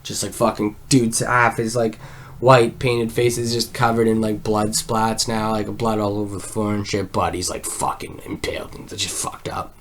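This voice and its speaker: A man's voice: lowish voice, flat delivery, moderate pace, a little hiss or hum. A man casually recapping a film, rambling, swearing often and leaning on "like" as a filler. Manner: rambling, swears a lot, heavy use of "like". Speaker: film reviewer.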